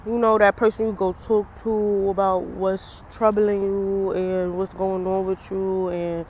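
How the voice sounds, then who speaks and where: Slow, chatty young woman vlogging outdoors. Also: mid-range voice, level tone, darkish tone, slight background noise. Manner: chatty, loose, laughs often. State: eyes swollen from crying. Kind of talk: casual personal vlog. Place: outdoors in the cold.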